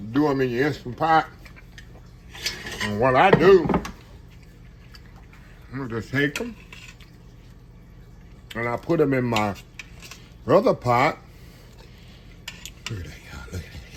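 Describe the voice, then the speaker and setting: A man's voice: medium pitch, background noise. A man from Texas with a Texan accent, chatting folksily to viewers while cooking at home and calling them y'all. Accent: Texan Southern. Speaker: cooking channel host. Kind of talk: casual home cooking vlog. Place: home kitchen.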